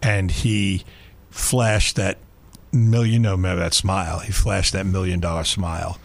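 A man in his sixties, a sports talk radio host, telling a story with lively energy and frequent laughter in a studio. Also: sits low, measured pace, creaky.

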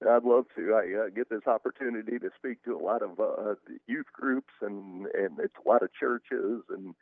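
A man's voice: on the low side, moderate pace, no room sound, phone-quality sound. A man in his fifties, a guest on a radio talk show, telling stories in an easygoing, self-deprecating way. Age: 50s. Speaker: guest, team mascot. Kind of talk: radio interview.

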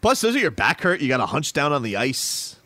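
A man hosting a sports radio show, talking in loose, animated, joking banter. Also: medium pitch, fairly quick, no room sound.

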